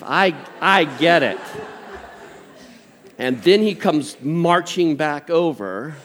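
A man's voice: a little high, unhurried, a little hiss or hum. An older man preaching a sermon as pastor, conversational, with jokey asides. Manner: conversational, jokey asides, animated impressions of family.

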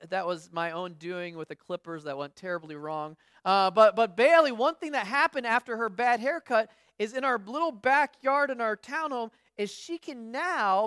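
Woman pastor, casual sermon, storytelling, restarts, high voice, dry close sound. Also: animated, unhurried, few pauses, fairly bright tone, clean tone, no room sound. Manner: storytelling, frequent restarts, acts out quoted voices. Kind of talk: conversational sermon.

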